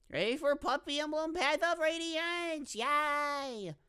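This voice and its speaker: A woman's voice: high voice, expressive, slow, pushed and bright. A woman streamer chatting casually with her viewers in a chatty, bubbly way. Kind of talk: casual live-stream chat.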